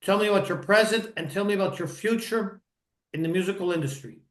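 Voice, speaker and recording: A man hosting a music interview, with a fairly high voice and a formal, effusive way of introducing his guest. His voice rings out in an echoey room. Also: quick pace. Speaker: host. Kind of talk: radio interview. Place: home studio in Miami.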